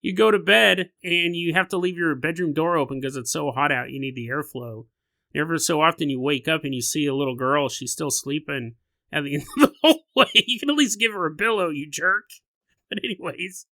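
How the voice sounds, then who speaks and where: Bright-voiced animated male podcast host. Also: a little high, fairly quick, dry recording. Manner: animated, laughs often, riffs on scenarios. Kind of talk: casual storytelling podcast.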